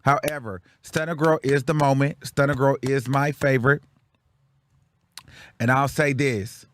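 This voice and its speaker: A man's voice: mid-range voice, fairly even intonation, unhurried, a bit bright, slight background noise. A young man from the Bay Area hosting his show, giving blunt, sassy commentary on reality TV in casual chat. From Bay Area, California. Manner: sassy, blunt, repetitive rants. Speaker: show host.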